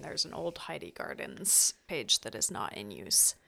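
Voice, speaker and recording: A woman's voice: rumbling low, very animated, unhurried, vocal fry, pushed and bright. A woman speaking as a guest on a gardening podcast, talking in a chatty, enthusiastic way with fillers and restarts. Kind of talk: casual podcast chat.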